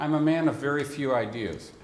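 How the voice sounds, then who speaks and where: A man leads a band rehearsal in a big hall, speaking briskly at a medium pitch. He walks the players through the music patiently and sings the rhythms aloud, and the roomy recording carries faint hall ambience.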